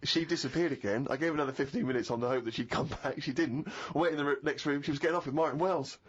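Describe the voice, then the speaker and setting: A man's voice: on the high side, racing, slight background noise. A middle-aged man co-hosting a casual podcast, explaining ideas at length and telling self-mocking stories. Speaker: podcast co-host. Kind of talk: casual chat. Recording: slightly dull podcast audio.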